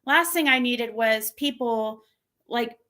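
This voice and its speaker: A woman's voice: takes it slowly, bright, forceful tone. A woman hosting her own channel, venting casually and exasperatedly, mimicking the messages she received. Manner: venting, exasperated, mocks quoted texts in a shrill voice. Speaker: channel host. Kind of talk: casual livestream rant.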